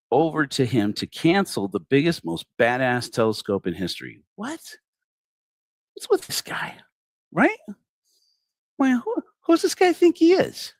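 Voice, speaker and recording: A middle-aged man hosting a livestreamed satirical sermon, addressing his target with sarcastic, theatrical mock flattery. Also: medium pitch, no echo, studio quality. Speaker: host of a secular online congregation.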